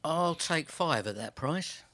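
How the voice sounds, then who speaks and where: A man's voice: on the high side, lively intonation, slow, a bit bright, no room sound. A man from Britain, a guest on a podcast, chatting in a laid-back, jokingly deferential way. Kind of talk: casual chat.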